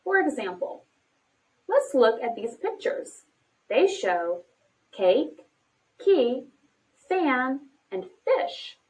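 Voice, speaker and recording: A woman giving scripted narration for an instructional video, speaking slowly and clearly in an encouraging teacher manner. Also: sits high, big pitch swings, a little mellow. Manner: slow, clearly paced, encouraging teacher talk. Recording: distant from the mic.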